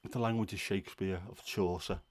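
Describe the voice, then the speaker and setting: On a laid-back livestream, the male host talks casually in a fairly low voice with a lilt. He rambles a bit, doesn't hide his opinions, and fills pauses with frequent "um"s. The audio sounds close and dry, with no echo from the room.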